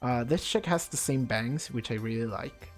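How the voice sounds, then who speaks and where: Low-voiced woman, blunt let's-play chatter. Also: moderate pace, faint music behind. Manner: blunt, rambling, offhand opinions. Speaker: streamer playing a visual novel. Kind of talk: casual let's-play commentary, reading dialogue aloud.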